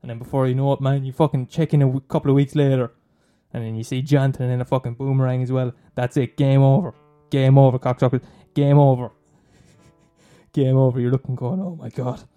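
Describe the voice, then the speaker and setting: A man's voice: medium pitch, level tone, quick pace, warm tone, soft background music. A young man doing a profane, mocking comic rant, rambling and swearing constantly. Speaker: comedian.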